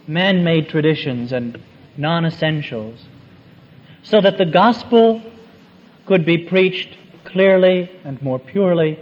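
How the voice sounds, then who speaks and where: A man giving a formal, earnest talk on church renewal, speaking in measured phrases. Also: on the high side. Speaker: Catholic speaker. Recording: muffled lo-fi recording.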